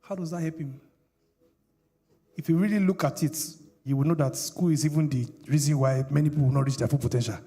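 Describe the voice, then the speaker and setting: A man's voice: a little high, fast, dark tone, slightly rough. A middle-aged male pastor, preaching a sermon with call-and-response questions to the congregation.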